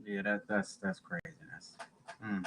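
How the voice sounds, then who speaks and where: A man from New Jersey hosting a live podcast, relaxed and conversational. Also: on the high side, a little slow, vocal fry, a little hiss or hum. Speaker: podcast host.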